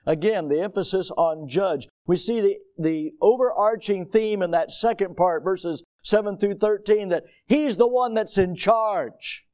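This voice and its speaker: A middle-aged pastor preaching a sermon, reading scripture aloud and rising to emphatic declarations. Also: male voice, sits high, measured pace, few pauses, a little mellow.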